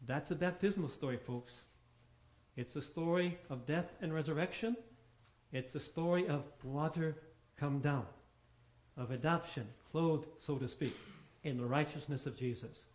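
A man's voice: fairly high pitch, moderate pace. Preacher man in a roomy, dull-sounding hall. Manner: storytelling preacher, swinging between soft and emphatic. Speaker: pastor. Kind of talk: sermon.

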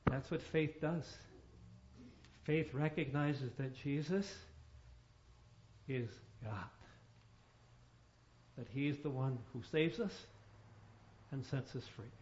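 A man preaching a sermon, telling stories and shifting between soft, quiet lines and emphatic ones. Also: mid-range voice, slow pace, pauses often, slight background noise. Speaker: pastor. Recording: roomy, dull sound.

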